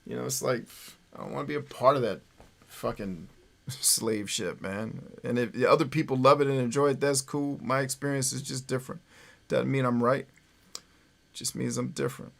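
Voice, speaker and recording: This livestream host has a mid-range voice with vocal fry, fairly even intonation and a moderate pace. He talks loosely, keeps checking in with "right?", and swears when he gets worked up, sounding like he once voiced phone numbers on the radio.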